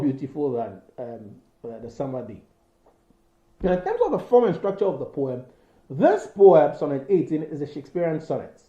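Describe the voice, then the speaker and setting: A man's voice: on the high side, dark tone. A man teaching a poetry lesson, talking loosely with many fillers and restarts. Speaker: English literature teacher. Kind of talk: spoken poetry analysis lesson. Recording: roomy, dull lo-fi recording.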